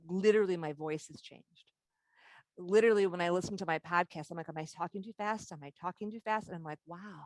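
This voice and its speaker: A woman teaches a live leadership workshop, telling candid stories and laughing along the way. Her voice sits a little low for a woman. She speaks over a video call, and the sound is close and dry. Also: no echo.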